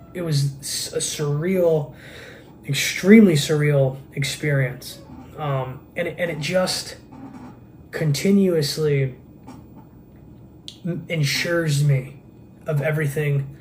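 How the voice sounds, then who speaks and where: Male podcast host, earnest rambling monologue, fairly high voice, camera mic with faint hum. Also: darkish tone. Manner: earnest, rambling, intense, many restarts. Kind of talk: casual monologue. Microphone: camera microphone.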